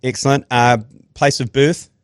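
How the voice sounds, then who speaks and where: A man hosting a podcast, asking quick teasing questions. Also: mid-range voice, level tone, smooth, no room sound, studio quality. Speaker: podcast host. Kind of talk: casual podcast banter.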